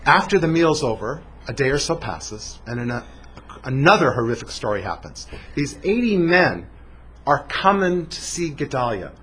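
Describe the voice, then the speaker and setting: A man telling a biblical story in a dramatic way, with animated delivery and conversational asides. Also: mid-range voice, normal speed, slightly rough. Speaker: storyteller teacher.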